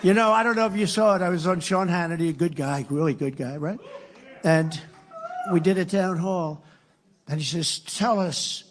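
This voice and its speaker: Speaking in a high-pitched voice at moderate speed, a US political candidate rambles sarcastically through a repetitive campaign speech at a live rally. There's slight hiss or hum on the audio.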